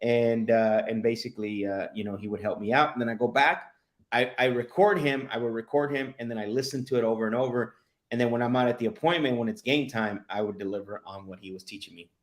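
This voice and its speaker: Animated man in casual sales chat. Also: medium pitch, quick pace, roomy sound. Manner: animated, repeats and restarts words, laughs while telling stories. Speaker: podcast host and sales coach.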